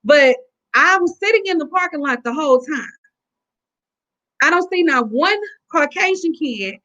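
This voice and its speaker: Woman guest, high voice, indignant and emphatic storyteller, lo-fi call line. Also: lively intonation, unhurried, bright, forceful tone. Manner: indignant, emphatic retelling with quoted dialogue. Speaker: guest telling her story. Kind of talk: casual storytelling. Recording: dull lo-fi call audio.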